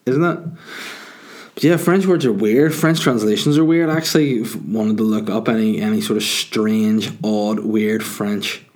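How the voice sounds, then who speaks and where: A man with a slightly low voice rambles through a casual solo monologue, full of crude jokes and loose asides. He talks close to a desk microphone. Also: steady tone, normal speed, darkish tone. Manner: crude, joking, rambling with fillers.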